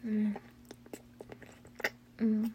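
A woman's voice: mid-range voice, completely flat delivery, very slow, phone-quality sound, slight background noise. A woman playing a teasing girlfriend in whispered role-play. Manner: breathy whispers with soft hums and giggles. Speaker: audio role-play performer.

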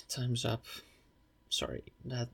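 A man's voice: mid-range voice, sing-song, extremely slow, vocal fry, a bit bright, husky. A young man in an intimate audio role-play who speaks straight to the listener, playful and rambling, often stammering and apologizing.

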